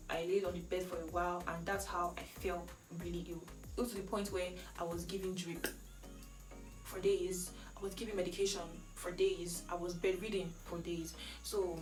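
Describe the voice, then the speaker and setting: A young woman with a Nigerian accent tells a casual vlog story in a chatty, animated way, dropping Nigerian slang as she goes. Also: fairly low pitch. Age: young adult. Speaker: vlogger. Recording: echoey room, mic at a distance.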